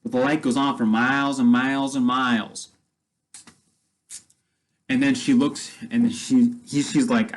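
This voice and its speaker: A man's voice: mid-range voice, fairly even intonation, normal speed, poor audio. A man casually retelling a film story as a vlogger, rambling with many restarts and fillers.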